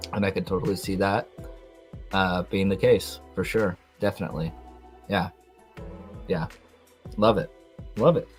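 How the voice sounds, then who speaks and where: A young man hosting a podcast, recapping a TV episode in a rambling, excitable way with lots of fillers. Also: low-pitched. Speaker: podcast host.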